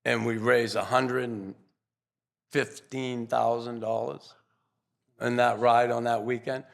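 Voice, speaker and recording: Older male guest, gravelly voice, earnest, rambling anecdotes with restarts. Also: mid-range voice, level tone, slow pace. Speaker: guest, former pro hockey player. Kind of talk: casual interview storytelling.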